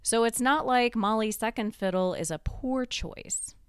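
A woman giving a reflective motivational talk, slowing down to stress key points and building them through repeated phrases. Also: fairly high pitch, clear, resonant tone, dry recording, clean studio sound. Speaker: motivational speaker.

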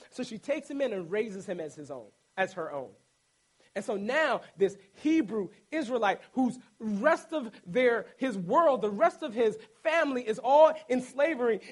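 High-voiced animated preacher. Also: male voice, normal speed, poor audio. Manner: animated, humorous storytelling with playful asides. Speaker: pastor. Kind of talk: sermon.

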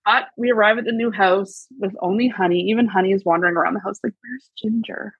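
A middle-aged woman telling a story as a podcast guest, casual and animated, acting out quotes. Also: fast talker, slightly rough, lo-fi sound. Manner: animated, acts out quotes with big pitch jumps. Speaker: guest, crafting TV personality.

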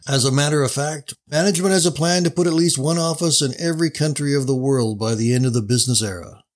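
Here a man speaks quickly in a mid-range voice, lightly acting out a casual pastor who playfully and slyly ribs a businessman within a story.

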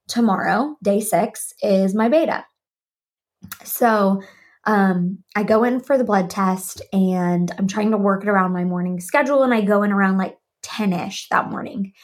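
A woman hosting her own podcast, sharing a personal story and animatedly acting out remembered conversations, speaking from her home office desk. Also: mid-range voice. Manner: animated, acts out remembered dialogue. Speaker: podcast host.

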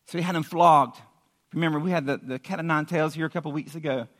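A youth pastor giving a sermon in a lively, casual storytelling way, using props and questions to the room. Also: male voice, a little high, quick pace.

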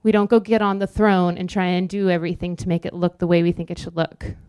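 A woman's voice: on the low side, fairly even intonation, fast, a little mellow, clear, resonant tone, no room sound, clean studio sound. A woman preaching a sermon, emphatic and repetitive, acting out quoted inner voices.

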